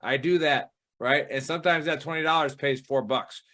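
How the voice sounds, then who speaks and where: A man's voice: on the high side, normal speed, pushed and bright. Rambling man hosting a betting show. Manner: rambling, swears casually. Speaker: show host. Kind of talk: casual podcast chat.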